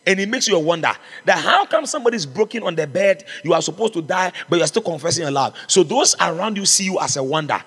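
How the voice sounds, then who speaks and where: A man's voice: sits high, animated, fast, hardly any pauses, a bit bright, husky, big-room sound. A man preaching a sermon as pastor, fervent and exhorting, calling out to his congregation. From Ghana.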